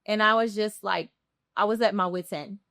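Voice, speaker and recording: Animated woman telling her story. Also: medium pitch, moderate pace, no room sound, clean studio sound. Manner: animated storytelling with fillers and asides. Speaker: guest. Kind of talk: casual podcast conversation.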